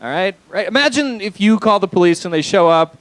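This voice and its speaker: A man's voice: sits high, lively intonation, brisk, a bit bright, no echo, low-quality recording. A young man performing a stand-up comedy set on a club stage, talking loosely with lots of fillers and crude asides.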